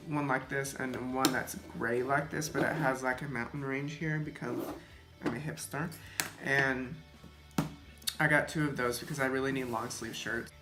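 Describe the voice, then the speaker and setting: A young man talking casually to the camera while doing his makeup, rambling and chatty, with lots of "like" fillers. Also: medium pitch. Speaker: beauty vlogger. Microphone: camera mic, seated in front of the camera. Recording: echoey room with faint music.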